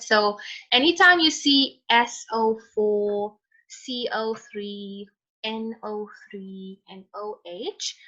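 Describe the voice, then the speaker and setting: A woman's voice: a little high, pushed and bright. A woman teaching a chemistry class online, patiently calling on students by name. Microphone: computer mic on a video call. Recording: dull lo-fi online call audio.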